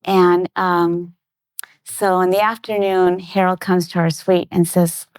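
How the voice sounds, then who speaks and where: A middle-aged woman, a guest on a talk show, telling a personal anecdote in lively detail and acting out the voices of the people in it. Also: lowish voice, slow, dry recording. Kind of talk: storytelling in a conversation.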